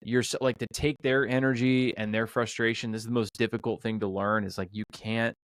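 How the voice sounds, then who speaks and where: A man's voice: medium pitch, flat delivery, fairly quick, no echo. A man hosting a casual podcast interview, talking reflectively with many restarts. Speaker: podcast host.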